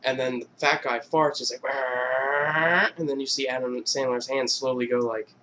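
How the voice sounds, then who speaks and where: A man's voice: mid-range voice, little pitch movement, brisk, fairly bright tone, a little hiss or hum. A man vlogger casually retelling funny film scenes, rambling with many fillers and laughing between lines. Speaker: YouTube vlogger.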